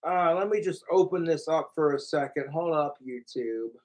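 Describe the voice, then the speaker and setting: A man's voice: on the high side, normal speed. A man streaming from home, ranting in a profane, mocking, rambling way. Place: home apartment.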